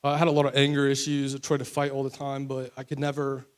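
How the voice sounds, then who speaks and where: This young West Virginia man speaks in a smooth, monotone, mid-range voice at a fast clip. He gives a candid, rambling recovery testimony packed with fillers.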